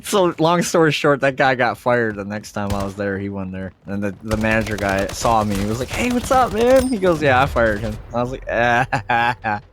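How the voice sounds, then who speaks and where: Profane, animated male storyteller. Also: on the low side, normal speed, hardly any pauses, noisy background. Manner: profane storyteller acting out quotes. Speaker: podcast co-host. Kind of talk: casual podcast chat.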